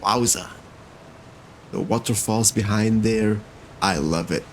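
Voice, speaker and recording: A man's voice: on the low side, slow, slight background noise. A man giving chatty commentary as he plays a video game and talks to its characters. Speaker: let's-play host. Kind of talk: gameplay commentary. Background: faint game music.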